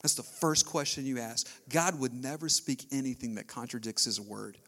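A man in his thirties preaching a sermon as a pastor, telling a story in an animated, casual way with slang. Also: medium pitch, moderate pace.

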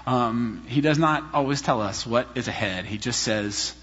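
A man preaching a sermon in a church, telling personal stories in an animated, self-deprecating way. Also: mid-range voice, normal speed, slightly rough. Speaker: pastor. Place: church sanctuary. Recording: reverberant hall, slightly dull sound.

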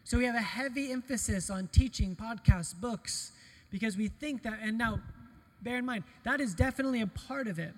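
Middle-aged male pastor, lively storytelling sermon, light on himself; higher voice, big hall reverb. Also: normal speed, a little hiss or hum. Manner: animated, storytelling, self-deprecating humor. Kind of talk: conversational sermon with personal stories.

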